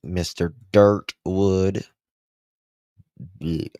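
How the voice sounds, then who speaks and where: A man's voice: low voice, fairly even intonation, extremely slow, warm tone, dry recording, studio quality. A man hosting a true crime livestream, chatting with viewers in a casual, emphatic way. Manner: emphatic, chatty, talks to the chat.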